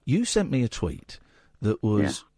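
Man, radio host, combative and sarcastic, huge pitch swings, husky voice. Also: huge pitch swings, unhurried, no room sound, studio quality. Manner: interrupting, sarcastic, prone to shouting.

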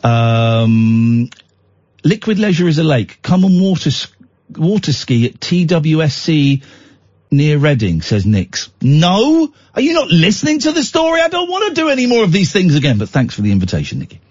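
Tired, husky radio host rambling. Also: male voice, fairly high pitch, huge pitch swings, moderate pace, darkish tone, no room sound, highs cut off. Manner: rambling, self-mocking, with restarts and voiced impressions. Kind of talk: casual storytelling on talk radio. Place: radio studio.

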